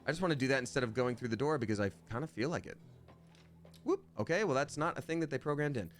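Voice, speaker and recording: A man streams a fantasy game, chatting casually and playfully with viewers. His pitch swings lively up and down in a mid-range voice. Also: fast. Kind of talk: casual livestream gaming commentary.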